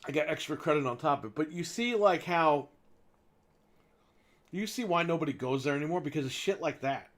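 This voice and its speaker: A little high and brisk, this man co-hosts a gaming show and tells a lengthy story in a casual way. He gets animated, swears a lot, and acts out the people in the tale.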